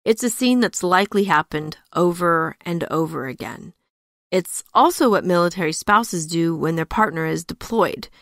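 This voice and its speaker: A woman podcast host narrating a retold myth and reflecting on it in a measured way. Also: on the low side, lively intonation, a bit bright, dry recording, studio quality. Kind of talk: storytelling narration with commentary.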